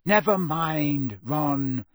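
A man voicing an anxious, bossy teenage girl, speaking quickly and with exasperation. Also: fairly high pitch, big pitch swings, breathy edge, no echo, clean studio sound. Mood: urgent.

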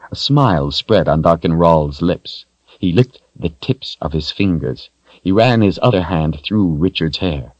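A man reading a fantasy novel aloud in a steady, grave storytelling manner. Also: low-pitched, a little slow, no echo, highs cut off. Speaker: audiobook narrator. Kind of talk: scripted fantasy narration.

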